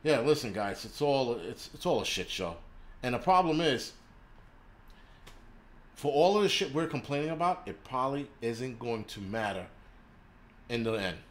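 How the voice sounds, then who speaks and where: A man's voice: medium pitch, animated, normal speed, pauses often. A man hosting a livestream, ranting heatedly with lots of cursing and stammered restarts, reading and answering chat comments. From United States. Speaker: livestream host. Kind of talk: profane livestream rant.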